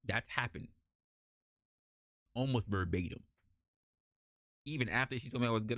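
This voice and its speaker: A man hosting a podcast, telling a casual story and acting out the people in it with big jumps in pitch, swearing freely. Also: fairly quick, long pauses, dry recording, clean studio sound. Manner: animated, acts out quoted voices with big pitch jumps, swears. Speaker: podcast host.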